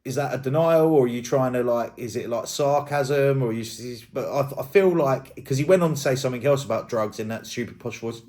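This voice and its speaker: A man's voice: mid-range voice, moderate pace, few pauses, a little mellow. A man giving casual, rambling commentary as a YouTube drama host, thinking aloud and hedging as he goes.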